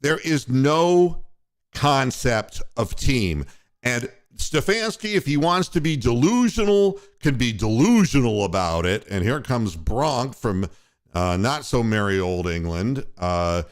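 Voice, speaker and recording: A man's voice: medium pitch, animated, takes it slowly. A man hosting a postgame sports radio show, ranting angrily with lots of profanity. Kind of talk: postgame sports talk rant.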